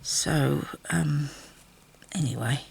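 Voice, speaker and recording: An Australian woman with a deep, husky, slightly mellow voice and vocal fry draws out her words as she chats in her craft vlog. She rambles and talks to herself while sewing indoors at home, very close to the camera mic.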